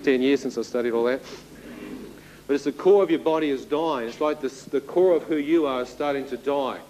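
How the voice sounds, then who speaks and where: A man's voice: mid-range voice, a little fast, warm tone, slight background noise, low-quality recording. A man in his thirties giving a spoken testimony to an audience, telling his story vividly and turning to the listeners with asides. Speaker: testimony speaker.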